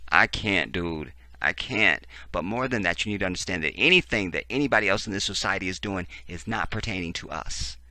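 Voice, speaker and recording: A man's voice: deep voice, lively intonation, moderate pace, pushed and bright, no room sound, studio quality. A man hosting a profane, sarcastic political commentary, reading text aloud and breaking in with heated reactions. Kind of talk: ranting video commentary.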